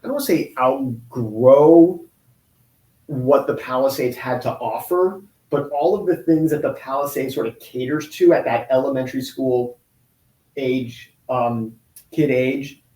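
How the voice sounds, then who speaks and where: A man in his forties telling a painful personal story in an interview, halting and restarting often. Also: medium pitch, dark tone. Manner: halting, with many restarts and pauses. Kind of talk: emotional personal account in an interview. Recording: roomy echo.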